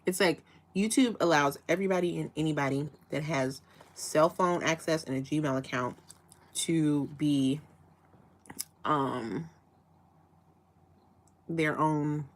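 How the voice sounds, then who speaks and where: A woman from Chicago hosting a casual live chat, asking rambling questions with frequent restarts and fillers. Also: deep voice. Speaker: livestream host.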